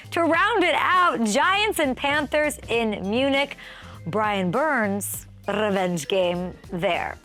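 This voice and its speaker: A woman hosting a sports talk show, delivering an excitable, energetic monologue that swings widely in pitch.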